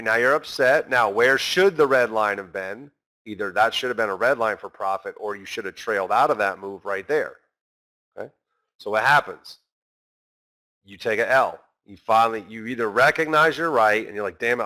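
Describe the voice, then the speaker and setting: This trading instructor runs his session conversationally, constantly tossing in tag questions like "right" and "okay" and voicing the inner thoughts of frustrated traders. His voice is lowish, with a sharp tone.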